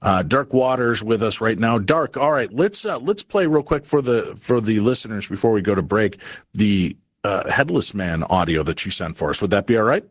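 A man hosts late-night radio in an easygoing, conversational manner, sprinkling in casual fillers as he talks. His voice sits a bit low. It comes across dry and close on a studio microphone, with no room sound. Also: expressive, normal speed, dry recording. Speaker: radio talk show host.

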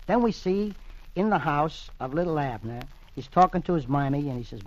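A man's voice: fairly high pitch, animated, a little fast, a little mellow. A man hosting a 1940s-style radio reading of the comics, folksy and chatty, on a lo-fi old radio recording. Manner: folksy, chatty, acts out voices.

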